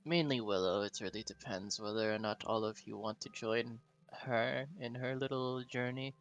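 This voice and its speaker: A man voicing a composed adult woman guide in a tabletop game, speaking in a measured, unhurried way. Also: mid-range voice, highs cut off, soft background music, natural voice. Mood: matter-of-fact. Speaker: non-player character.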